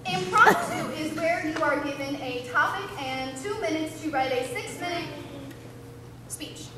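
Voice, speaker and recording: A teenage girl presenting a playful, giggly comedy sketch, sometimes bursting into melodramatic shouting. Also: high-pitched, very animated, unhurried. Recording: echoey room from far off, loud noise.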